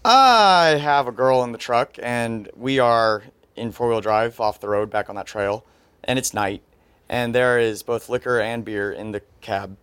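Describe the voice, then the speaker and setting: A man's voice: medium pitch, measured pace, a bit bright, clean tone, dry recording. A man telling a story in a casual podcast chat, setting out the details step by step.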